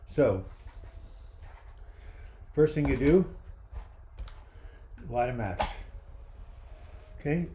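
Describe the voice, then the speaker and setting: A warm, medium-pitched male voice with lively intonation draws out his words and leaves long pauses, with a bit of hiss or hum on the webcam audio. He's a livestream host in a casual video chat, reading viewer comments, joking around, and answering questions as his voice starts to fail.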